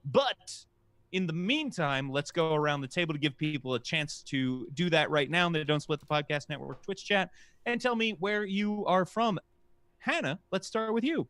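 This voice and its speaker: A man narrating a tabletop game as game master, halting and full of filler sounds. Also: a little high, animated, a bit bright.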